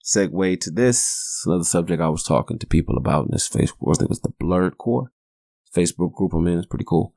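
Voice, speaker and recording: A man's voice: deep voice, fast, vocal fry, mellow, no echo, clean studio sound. A man in his forties hosting a podcast, telling stories in a rambling, profane, joking way. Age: 40s. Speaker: podcast host. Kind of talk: casual storytelling monologue.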